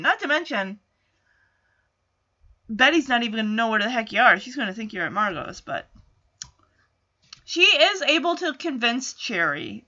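A woman with a high, bright voice in a chatty TV-episode recap. She quotes the characters and slips in side comments. The sound is dull and lo-fi.

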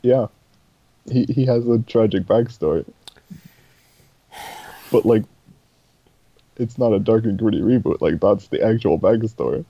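A man's voice: fairly low pitch, a little slow, long pauses, dark tone, breathy edge, no echo, dull audio. A man co-hosting a casual chat, laid-back and offering brief remarks. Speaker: podcast co-host.

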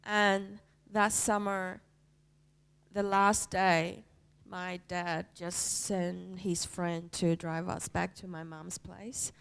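Slow, halting woman sharing a testimony. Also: fairly low pitch, flat delivery, gravelly, clear, resonant tone. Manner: halting, heartfelt, with many pauses and fillers. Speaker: church member sharing a testimony. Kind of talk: personal faith testimony.

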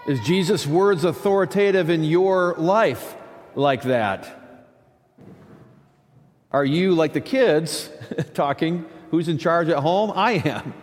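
A pastor delivers his sermon in a high, emphatic voice, breaking often into casual asides to the congregation. His words ring out with a long reverb from the church hall around him. He moves between plain talk and stressed, declarative lines. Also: expressive, slow, pauses often. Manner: conversational, emphatic, with many asides.

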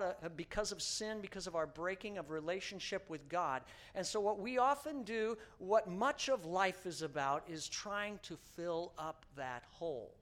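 A man's voice: sits high, animated, moderate pace, few pauses, fairly bright tone. A male pastor preaching a sermon, telling a story and repeating each point in a second language. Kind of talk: bilingual sermon.

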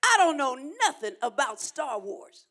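A middle-aged woman pastor preaches in a high, sing-song voice and an unhurried manner. She shouts rhythmic, repeated phrases and calls out for her congregation to answer.

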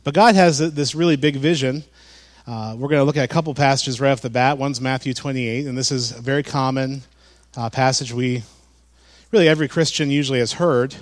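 Male pastor, sermon, conversational delivery, fillers and restarts, mid-pitched voice. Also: a little fast.

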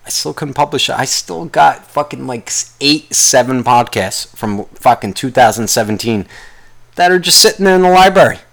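A man's voice: medium pitch, lively intonation, normal speed, vocal fry, a bit bright. Profane ranting male podcast host. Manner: profane, rambling, angry ranting. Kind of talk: solo podcast rant.

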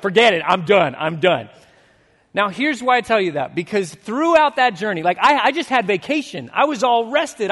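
Animated, high-voiced pastor in a reverberant hall. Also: male voice. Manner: storytelling, swinging from animated to hushed and earnest. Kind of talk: sermon.

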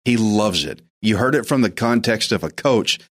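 A man's voice: on the low side, lively intonation, normal speed, a bit bright. A man hosting a faith program, preaching in an earnest, urging way and repeating his phrases. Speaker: host, preacher. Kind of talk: sermon-style radio devotional.

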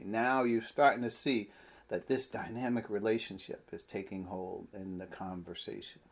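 A man preaching a sermon, animated and full of rhetorical questions. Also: on the low side, moderate pace, slightly rough. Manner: animated, rhetorical questions, laughs mid-phrase.

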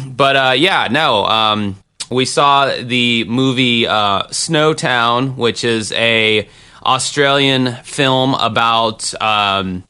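Bright-voiced man joking around. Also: mid-range voice, extremely slow, clean tone. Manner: joking, teasing. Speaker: podcast co-host. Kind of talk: casual chat.

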